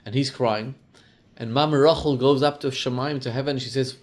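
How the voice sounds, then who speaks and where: This rabbi delivers his sermon at a brisk clip, telling a story and performing the quoted lines with animated jumps in pitch and loudness.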